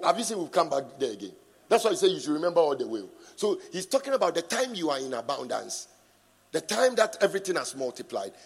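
A middle-aged man preaching a sermon and reading scripture, emphatic, swinging from soft asides to shouts, prompting the congregation to answer. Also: on the high side, gravelly, slightly rough. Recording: long reverb in a large hall.

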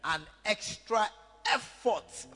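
Animated preacher. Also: male voice, high voice, slow, slight background noise. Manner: animated, acts out little scenes with comic voices. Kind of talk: sermon with interpreter. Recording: echoey hall with faint music.

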